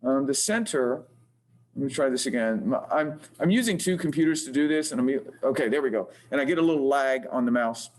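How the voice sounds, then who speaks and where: A man teaching engineering design software, thinking aloud as he demonstrates, often hesitating and correcting himself. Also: medium pitch, lively intonation, a little fast, a little hiss or hum. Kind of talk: screen-recorded software tutorial. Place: classroom with projector. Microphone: computer mic while demonstrating.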